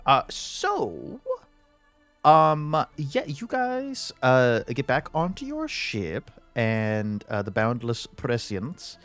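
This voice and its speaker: A man narrating a tabletop game as game master, halting with many fillers. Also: medium pitch, wildly swooping pitch, fairly bright tone, faint music behind.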